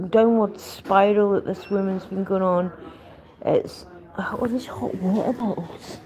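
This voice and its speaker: A woman's voice: medium pitch, vocal fry, dark tone, poor audio. A Scottish woman livestreaming while she walks about the street and shops, chatting in a rambling, meandering way. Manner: rambling, chatty, trails off mid-sentence. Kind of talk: casual live stream chat. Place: outdoors on the street and in shops, walking. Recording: street noise with passing traffic.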